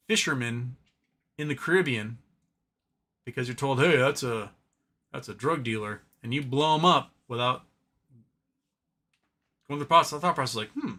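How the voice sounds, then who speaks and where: A man's voice: mid-range voice, fairly bright tone. A man hosting a casual livestream, reading viewer comments aloud and rambling through opinionated commentary with many restarts. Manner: rambling, opinionated, drops to a mumble talking to his cat.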